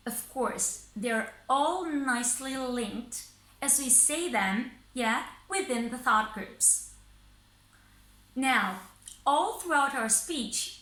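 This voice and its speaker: A woman teaching English in a scripted lesson, speaking slowly and deliberately and pausing between phrases. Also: high-pitched, sharp tone, reverberant, low-quality recording. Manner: slow, deliberate, pausing by thought groups.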